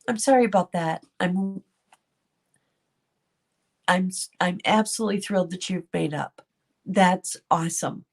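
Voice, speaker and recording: A middle-aged woman hosting a casual livestream, talking to viewers by name and laughing often. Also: medium pitch. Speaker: commentary channel host. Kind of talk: casual livestream commentary reading chat.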